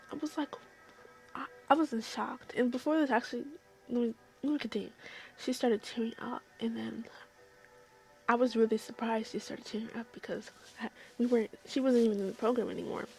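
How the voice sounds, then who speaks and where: A young woman telling a long, emotional story in a casual vlog, rambling and often sinking into soft whispers. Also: fairly high pitch. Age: young adult. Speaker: vlogger.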